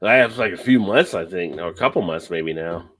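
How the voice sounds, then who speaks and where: A man's voice: sits low, expressive, a little fast, a bit bright. A man hosting a live stream, chatting casually and telling long stories with a laugh. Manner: easygoing, laughs often, tells stories at length. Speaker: livestream host.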